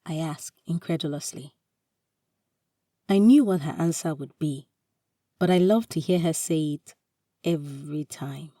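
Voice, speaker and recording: Slow, low-voiced woman storyteller. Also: dark tone, no room sound, studio quality, recorded from a distance. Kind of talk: reading a romantic short story.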